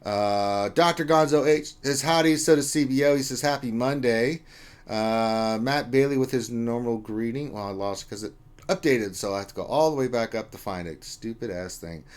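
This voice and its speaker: A man's voice: medium pitch, moderate pace, clear, resonant tone. Casual male streamer reading out chat. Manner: loose and joking, mild swearing. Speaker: livestream co-host. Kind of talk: casual livestream chat, reading viewer comments.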